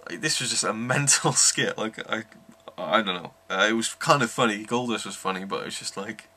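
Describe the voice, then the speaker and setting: A man's voice: fairly low pitch, brisk, bright, forceful tone. A man giving an enthusiastic, rambling wrestling review, full of ums. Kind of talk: casual review monologue.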